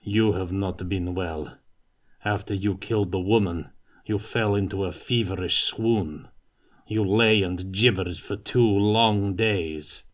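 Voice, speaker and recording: A man's voice: low-pitched, fairly even intonation, takes it slowly. A man doing a grim, sickly little soldier.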